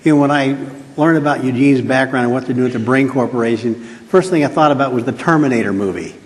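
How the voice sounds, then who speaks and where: A man's voice: medium pitch, fast. A man moderating a panel, putting a question to a guest in a chatty, joking way with fillers. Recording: reverberant hall.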